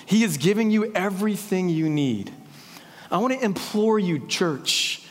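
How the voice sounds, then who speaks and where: A man preaching a sermon as a pastor, with lively asides and jokes. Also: high-pitched, unhurried. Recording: long hall reverb.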